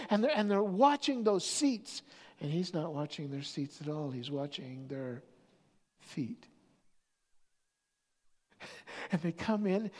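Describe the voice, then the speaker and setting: A pastor preaching a sermon, telling stories with many restarts, moving between loud stretches and near-whispers. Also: medium pitch. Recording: long hall reverb.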